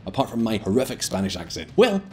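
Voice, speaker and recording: A man's voice: on the low side, sing-song, quick pace, mellow. A man hosting a scripted political explainer, delivering it with wry, playful asides. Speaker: host. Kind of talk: scripted narration.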